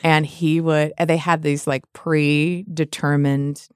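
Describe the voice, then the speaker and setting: A middle-aged woman tells personal stories in a loose, chatty way, laughing often and circling back mid-sentence. Her voice sits a little low. The recording is dry and close, with no room sound. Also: little pitch movement, slow pace, clean tone, no room sound. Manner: chatty, laughing, rambling with restarts. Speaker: guest. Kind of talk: candid conversational storytelling.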